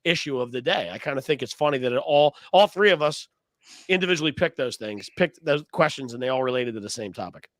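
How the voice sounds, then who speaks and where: A man's voice: medium pitch, expressive, quick pace, a bit bright, no room sound, clean studio sound. A man co-hosting a real estate podcast, joking around, swearing and chatting casually. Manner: joking, profane, talkative. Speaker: podcast co-host. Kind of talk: casual chat.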